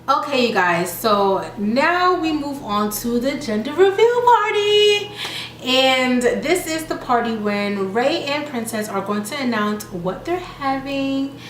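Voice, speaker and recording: A woman's voice: high voice, animated, slow pace, roomy sound, a little hiss or hum. A woman casually recapping a reality TV episode, chatting and quoting the cast as she goes. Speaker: reality TV reviewer.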